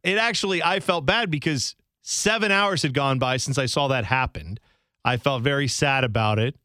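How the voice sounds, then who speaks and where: A man co-hosts a sports radio show, chatting casually and telling lively, animated stories peppered with little impressions. His mid-range voice moves at a moderate pace, recorded at studio quality with no room sound.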